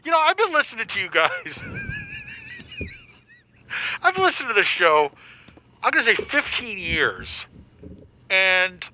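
A man's voice: high-pitched, huge pitch swings, bright, forceful tone, a little hiss or hum, heavily acted, rough recording. A man voicing an indignant male caller to a late-night show, using a put-on phone voice with a slight accent and a defensive, easily offended manner. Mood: complaining. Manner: defensive, quick to take offense.

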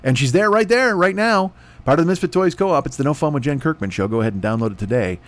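A man rambles through a comedy ad read with a lively, swooping voice that keeps jumping up and down. He sounds dry-throated and swears freely. He drops into mock announcer voices now and then. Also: fairly high pitch, quick pace. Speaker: podcast host.

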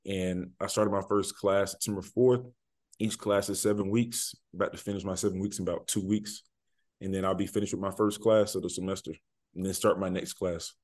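A man's voice: deep voice, steady tone, fairly quick, a little mellow. A young man, a college football player, answering interview questions casually, with many fillers and restarts. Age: young adult.

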